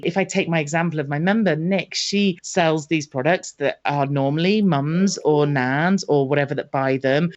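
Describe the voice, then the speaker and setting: A woman, a marketing expert guest, talking casually and acting out example conversations as she explains. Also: deep voice. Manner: lively storytelling, acts out conversations. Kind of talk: casual interview talk. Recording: dull lo-fi audio.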